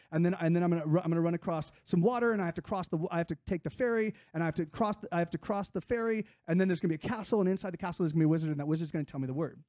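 A man's voice: a little high, a little mellow, dry recording, studio quality, lightly acted. A man voicing a frightened eight-year-old boy who retells his whole day in one breathless run-on.

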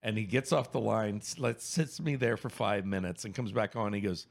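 A man in his fifties from Louisiana, telling a story in casual chat, animated, laughing and swearing freely. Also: fairly low pitch, moderate pace, vocal fry. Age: 50s.

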